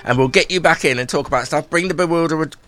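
A man's voice: a little high, fast, bright, forceful tone. A man hosting a radio show, chatting with a guest in a teasing, effusive way. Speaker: radio host. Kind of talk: casual chat on air.

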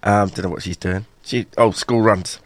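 Male breakfast radio host, jokey and rambling; low, lively voice, dry studio. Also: normal speed, dry recording. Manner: jokey, laughs a lot, rambling. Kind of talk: chatty live radio talk.

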